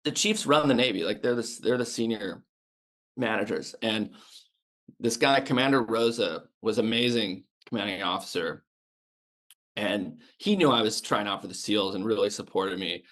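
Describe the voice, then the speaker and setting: A man in his fifties with a somewhat low voice tells stories from his Navy days in a loose, conversational way. He talks bluntly, swears freely and often stops and restarts his sentences. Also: normal speed, fairly bright tone. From United States. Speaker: podcast guest, former Navy sniper. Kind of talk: casual storytelling interview.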